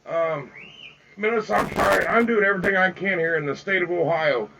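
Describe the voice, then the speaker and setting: An older man ranting angrily on a live phone video outdoors in the bright sun, repeating himself and calling out to "folks". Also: high-pitched, brisk, vocal fry, lo-fi sound, a little hiss or hum. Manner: heated, repetitive, keeps calling out "folks". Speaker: livestreamer. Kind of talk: angry live-video rant.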